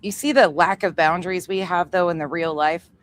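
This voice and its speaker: A woman's voice: on the low side, fairly quick. A woman hosting a livestream, reacting to clips in blunt, heated, profane commentary. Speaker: commentary channel host.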